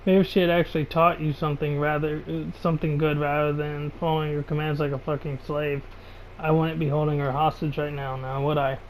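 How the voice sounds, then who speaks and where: A vengeful madman with a knife, read out by a man in a slightly high voice. He spits hateful threats in a quick, snarling rush. Faint background noise. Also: level tone, lightly acted, rough recording. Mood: menacing.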